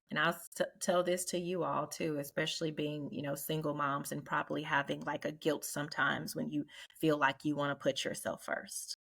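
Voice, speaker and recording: A woman's voice: deep voice, gravelly, fairly bright tone. Earnest talkative woman hosting a chat. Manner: earnest, preachy, laughs often. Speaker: podcast host. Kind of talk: casual group chat.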